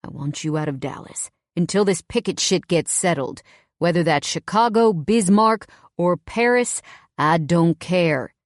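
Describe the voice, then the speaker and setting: A woman narrator takes on a gruff young man in a storybook romance, growling short, blunt warnings. The voice sits low and dry, close to the mic. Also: measured pace, no room sound, close to an everyday voice. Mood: angry, stern. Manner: growling, curt.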